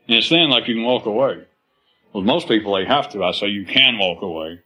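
A man's voice: lowish voice, a little fast, pushed and bright, rough recording. A man speaking to a live audience in a rambling, philosophical way, acting out quoted voices and laughing as he goes.

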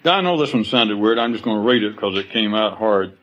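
Animated man giving a rambling talk. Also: lowish voice, fairly quick, lo-fi sound. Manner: animated, acts out quoted voices with laughter. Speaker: speaker addressing a live audience.

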